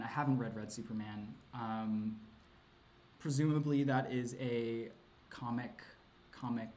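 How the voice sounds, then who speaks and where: A man's voice: mid-range voice, darkish tone. A man answering chat questions on a casual livestream, rambling and hesitant with many ums and likes, laughing often and swearing casually.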